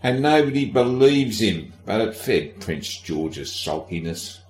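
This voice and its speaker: Low-voiced, irreverent male podcast host. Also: big pitch swings, slow pace, darkish tone, roomy sound. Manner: irreverent, sardonic, swears casually; addresses the listener directly. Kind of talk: casual history podcast narration.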